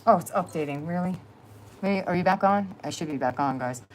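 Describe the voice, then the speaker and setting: A woman's voice: fairly low pitch, a little fast, a little mellow, a little hiss or hum. A middle-aged woman with a New Jersey accent, hosting a casual crafting livestream in a chatty, rambling way, laughing often. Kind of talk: casual live-stream chat.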